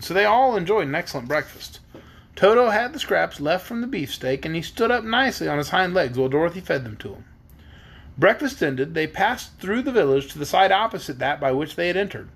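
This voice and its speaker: A man reads a children's storybook aloud at bedtime with a lively, expressive voice. His pitch is high and moves a lot. The tone is husky. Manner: expressive, voicing the characters. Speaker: reader.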